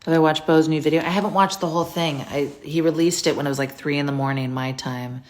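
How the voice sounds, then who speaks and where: A woman's voice: deep voice, steady tone, fast. A woman hosting a casual livestream from home into a phone, chatty and scattered, reading viewer comments aloud and answering them.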